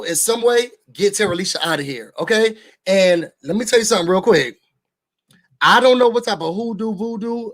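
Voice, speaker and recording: A man from New York reviewing a reality show for his viewers in casual chat, an animated, slangy storyteller. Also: high-pitched. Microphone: studio microphone.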